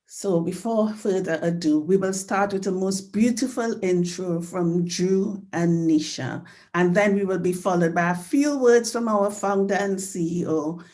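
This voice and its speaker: A woman's voice: medium pitch, a little slow, darkish tone. A woman hosting an online community remembrance event over a video call, earnest and heartfelt, still choked up with emotion. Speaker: host.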